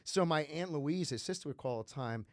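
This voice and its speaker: A man raised around New York talks as a podcast guest, his voice sitting a bit high and recorded dry and close. He tells stories in an animated, rambling way, jumping into voices as he goes. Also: brisk, no room sound. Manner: animated storyteller, slips into voices and laughs. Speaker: comedian guest. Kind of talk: casual podcast chat.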